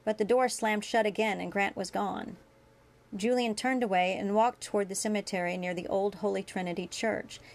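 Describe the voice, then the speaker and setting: Woman narrating with a gravelly voice. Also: medium pitch, fairly even intonation, moderate pace. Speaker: story reader. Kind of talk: reading fan fiction aloud.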